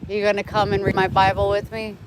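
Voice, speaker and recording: A woman's voice: mid-range voice, completely flat delivery, fast, background noise. A woman vlogging live in casual chat, chatty and plainspoken, talking into a phone outdoors near her home. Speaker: vlogger livestreaming.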